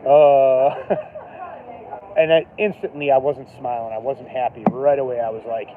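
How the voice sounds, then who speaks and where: Man, mid-pitched, loose chatty live-stream vlogger on a street; thin lo-fi phone audio. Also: fairly quick. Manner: loose, chatty, full of "like" and "dude". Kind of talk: casual rambling live stream. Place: outdoors on a downtown street, band playing nearby. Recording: tinny phone-line sound with loud street noise.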